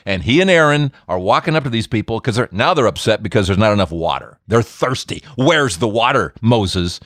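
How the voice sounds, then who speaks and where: Animated man, joking faith talk. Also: fairly low pitch, fast talker, no echo, studio quality. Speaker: Catholic speaker and podcast host.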